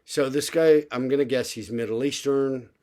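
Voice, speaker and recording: A man's voice: mid-range voice, steady tone, moderate pace, warm tone. An older man talking in a casual, rambling vlog monologue, full of fillers and asides. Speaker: vlogger.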